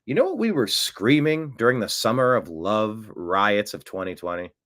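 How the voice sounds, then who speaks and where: A US man hosting a political commentary show alone talks at a moderate pace, improvising in a sarcastic, animated style. Mocking asides come with a sudden jump in pitch.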